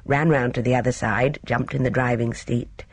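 A woman reading a novel aloud as a narrator, in measured storytelling. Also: a bass voice, steady tone, breathy edge, dry recording. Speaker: audiobook narrator. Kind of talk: scripted narration.

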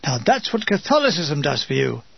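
A man playing a dry, wry soldier who needles his friends with deadpan remarks. His voice is gravelly and husky and sits fairly high, on a dull lo-fi recording. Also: moderate pace, no room sound, heavily acted. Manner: dry, teasing quips.

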